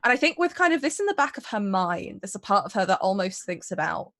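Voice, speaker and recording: A woman's voice: mid-range voice, sing-song, fast, few pauses, a bit bright, no echo, clean studio sound. A woman playing her character in a tabletop game, thoughtfully describing the character's feelings and actions. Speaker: player.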